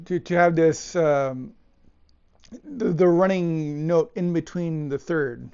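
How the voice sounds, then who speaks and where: A man teaching a piece of music, talking it through thoughtfully with pauses and restarts as he demonstrates it. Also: fairly high pitch, gravelly, darkish tone. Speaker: cellist teacher. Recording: dull lo-fi with cello playing. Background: cello phrases between remarks.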